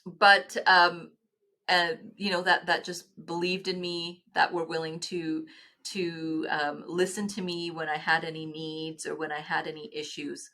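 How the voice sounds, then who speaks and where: Earnest middle-aged woman, low voice. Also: bright, forceful tone. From Canada. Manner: earnest, halting, with many restarts. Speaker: guest, nonprofit executive. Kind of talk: podcast interview storytelling.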